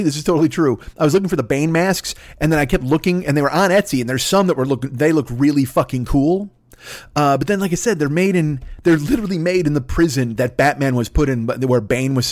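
A man's voice: mid-range voice, a little mellow. A man hosting a podcast, delivering a rambling, profanity-laden comedic rant with exasperated energy. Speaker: podcast host.

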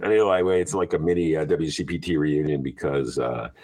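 A man's voice: very deep voice, fairly even intonation, a little fast, a little mellow. A man hosting a casual podcast chat, rambling and joking with plenty of fillers. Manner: rambling, jokey, lots of uh fillers. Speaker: radio show host.

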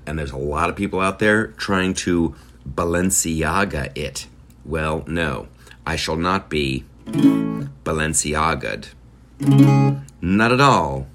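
A man's voice: sits low, a bit bright. A man hosting his podcast in a rambling, joking, chatty way. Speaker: podcast host. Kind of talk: casual chat.

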